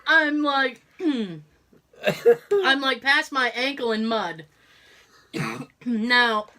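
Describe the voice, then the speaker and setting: A woman's voice: a little high, drawn-out words, pushed and bright. A young adult woman co-hosting a podcast, telling a story in casual chat and laughing often. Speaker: podcast co-host.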